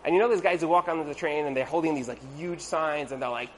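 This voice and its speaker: Animated storytelling man, slightly high voice. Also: fast talker, hardly any pauses, slight background noise, low-quality recording. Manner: animated storyteller who acts out the people in his stories; conversational, with frequent "like" and asides. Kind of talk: storytelling talk to an audience.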